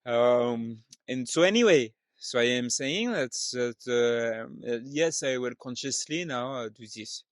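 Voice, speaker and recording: Man playing a French-accented middle-aged dad, halting broken English, slow, dry sound. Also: mid-range voice, animated, dry recording, lightly acted. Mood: earnest. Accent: put-on French.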